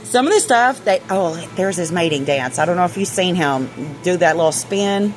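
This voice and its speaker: A woman's voice: lowish voice, lively intonation, moderate pace, soft background music. A woman vlogging casually in her backyard, nervous and swearing as she talks to her chickens. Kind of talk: casual chat. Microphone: handheld phone camera.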